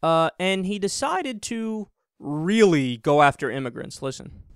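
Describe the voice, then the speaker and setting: A man's voice: high voice, big pitch swings, measured pace, clear, resonant tone, no room sound, studio quality. A man giving online political commentary in a sarcastic, mocking and profane ranting manner.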